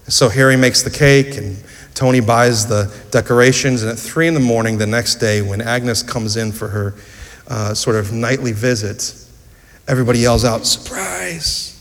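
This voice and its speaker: A man's voice: mid-range voice, fairly even intonation, normal speed. A man preaching a sermon in a church, earnest storytelling with rhetorical questions. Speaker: pastor. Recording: echoey church hall.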